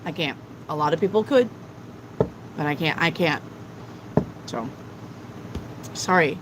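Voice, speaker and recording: A woman's voice: deep voice, lively intonation, measured pace, background noise. A woman tarot reader on a live stream, lecturing her viewers bluntly and swearing often.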